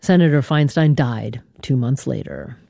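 A woman hosting a radio news show, reading a scripted narration in a measured, deliberate way with dramatic pauses. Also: a bass voice, creaky, dark tone.

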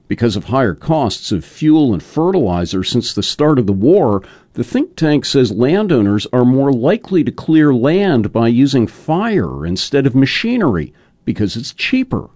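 A male news reporter reads a scripted segment, his pitch swinging widely from high to low on nearly every phrase. The sound is dry and close, with no room around it. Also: normal speed, no room sound. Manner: lively, sweeping newsreader delivery.

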